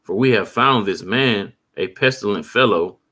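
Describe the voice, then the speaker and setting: A man's voice: on the low side, pushed and bright. A man preaching and reading scripture aloud, asking rhetorical questions and tagging his lines with "man.". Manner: reads verses slowly, asks rhetorical questions, tags lines with "man". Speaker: street preacher.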